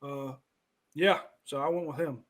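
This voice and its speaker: A man's voice: fairly high pitch, fairly even intonation, a little slow, a bit bright. A man hosting a casual sports chat, loose and rambling, stumbling over names. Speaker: podcast host.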